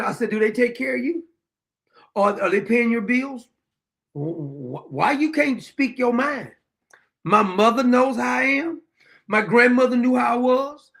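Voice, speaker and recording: A man's voice: very high voice, creaky, fairly bright tone. A middle-aged man hosting his own show, delivering a blunt, combative political monologue and swearing freely. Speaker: show host.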